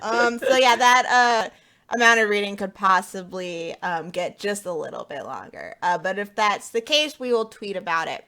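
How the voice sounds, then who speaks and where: A woman's voice: medium pitch, expressive, normal speed, sharp tone. A woman hosting a casual podcast, chatty and giggly with lots of ums. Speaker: podcast host. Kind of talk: casual chat.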